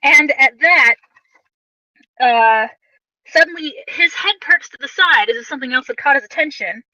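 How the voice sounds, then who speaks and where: High bright-voiced woman game master. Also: moderate pace, no echo, far from the mic, poor audio. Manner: animated, playful, swears casually. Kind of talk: narrating a tabletop game.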